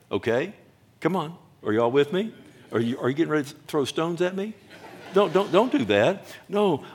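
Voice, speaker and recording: Man pastor, lively swooping pitch, preaching with loud peaks and soft asides. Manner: animated preaching, rising loud on scripture, dropping quiet on asides. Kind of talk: sermon.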